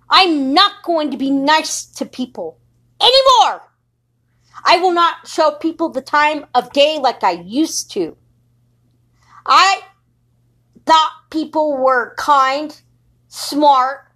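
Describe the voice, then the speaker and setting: Furious swearing woman, high lively voice. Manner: furious, defiant, swearing constantly. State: sleep-deprived. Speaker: podcaster. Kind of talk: angry profane monologue.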